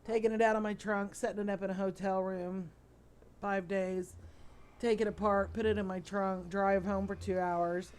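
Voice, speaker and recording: A woman's voice: mid-range voice, level tone, normal speed, a little mellow. A middle-aged woman hosting a let's play, tired and yawning as she rambles through chatty stories while she plays. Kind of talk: casual gameplay chat.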